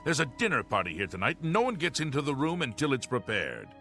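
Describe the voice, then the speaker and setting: A stern, bossy male castle steward for a video game, laying down the rules in curt warnings. His voice is gravelly and sharp-edged, with a lively, swinging pitch. Faint game music sits behind him. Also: fairly quick, full character voice. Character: stern male castle steward guarding a noble dinner party.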